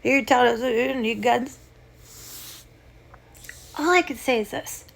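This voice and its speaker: A woman's voice: fairly high pitch, unhurried, gravelly, fairly bright tone. A young woman hosting a podcast, delivering a sarcastic, combative comedic rant straight at her listeners. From United States. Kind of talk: ranting comedic monologue.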